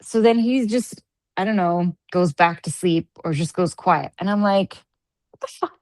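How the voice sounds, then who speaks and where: A woman co-hosting a podcast in casual chat, telling stories with lively energy and plenty of swearing. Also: lowish voice, normal speed, no room sound. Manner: animated storyteller, swears freely. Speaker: podcast co-host.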